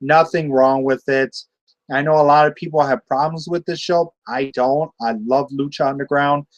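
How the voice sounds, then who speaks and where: Rambling excitable young man reviewing. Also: a little high, normal speed, no echo, dull audio. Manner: rambling, excitable, many fillers and restarts. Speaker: wrestling show reviewer. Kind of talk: casual solo review.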